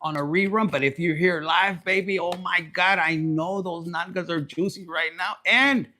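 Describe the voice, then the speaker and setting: A man's voice: high voice, moderate pace, bright, forceful tone. A man giving a raunchy, joking live tarot reading, slipping in Spanish. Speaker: tarot reader.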